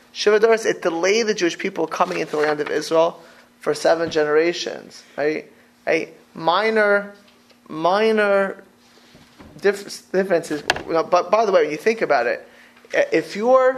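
A man giving an informal Torah class, animated and halting, with many restarts and Hebrew phrases mixed in. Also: fairly high pitch. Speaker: Torah teacher.

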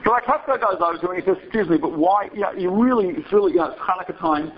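A man's voice: high voice, very fast, a little hiss or hum. A male rabbi telling a story to his students in a digressive, chatty lecture, often checking in with a rhetorical "right?". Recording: dull lo-fi recording.

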